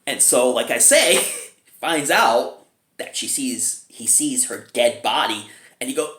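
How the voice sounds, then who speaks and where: A man's voice: mid-range voice, very animated, unhurried, bright, forceful tone. A man casually reviewing a movie, chatty and chuckling often as he talks. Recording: roomy echo.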